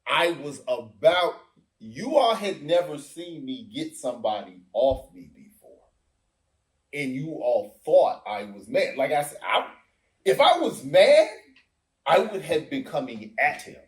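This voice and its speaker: Animated, emphatic man arguing his point. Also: fairly high pitch, normal speed, roomy sound. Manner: emphatic, explains with acted-out quotes. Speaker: podcast host. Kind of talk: heated casual discussion.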